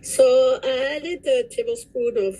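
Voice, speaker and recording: A woman in a support group, speaking slowly and haltingly on a video call. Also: high voice, dark tone, poor audio.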